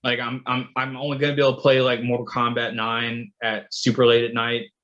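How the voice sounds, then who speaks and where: A man's voice: medium pitch, completely flat delivery, brisk, a bit bright. A man on a podcast, chatting casually as a father and telling long rambling stories, acting out the quotes. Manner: rambling storyteller, acts out quotes. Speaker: podcast co-host. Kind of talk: casual chat. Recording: dull lo-fi sound.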